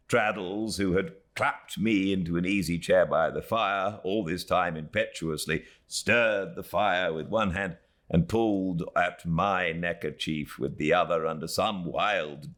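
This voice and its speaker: A man's voice: sits low, unhurried, fairly bright tone. A British man reading a classic novel aloud as an audiobook narrator at home by a fireplace, telling the story expressively. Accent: British English. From Britain.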